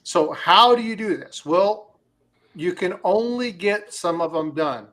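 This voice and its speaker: A man's voice: high voice, expressive, measured pace, fairly bright tone. A man hosting a casual livestream, talking in a rambling way with many fillers and telling stories. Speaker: crypto livestream host.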